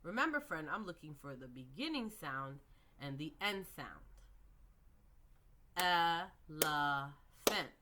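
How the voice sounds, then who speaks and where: A woman teaching early reading skills, slowly modelling words and sounds with patient explanations. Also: sits low, very animated, sharp tone, a little hiss or hum. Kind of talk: instructional lecture.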